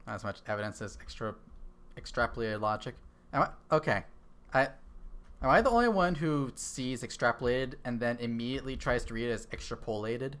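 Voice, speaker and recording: A man's voice: medium pitch, lively intonation, a little fast, fairly bright tone, smooth. A man streaming a game, chatting casually, thinking aloud and answering his chat into a desk microphone. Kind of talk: casual live-stream chat while gaming.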